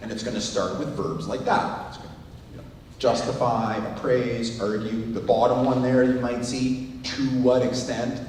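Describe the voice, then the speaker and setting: A man who teaches giving a presentation, telling a story in an animated, self-mocking way. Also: mid-range voice, moderate pace, a little hiss or hum. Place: large hall with audience. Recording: echoey hall recorded from far off.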